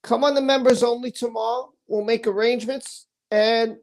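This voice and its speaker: A woman's voice: a little high, fairly even intonation, normal speed, darkish tone, a little hiss or hum. A woman hosting a casual livestream, effusively thanking viewers and tumbling over her words. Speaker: livestream host.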